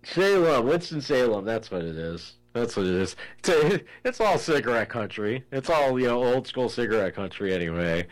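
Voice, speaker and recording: A man's voice: medium pitch, very animated, moderate pace, few pauses, poor audio. A man hosting a casual sports chat, thinking aloud with many "you know" fillers and restarts. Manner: rambling, heavy use of "you know" fillers.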